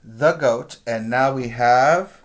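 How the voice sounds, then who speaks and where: A man's voice: mid-range voice, slow. A male preschool teacher reading a picture book aloud to young children, patiently pointing out the pictures and asking them questions.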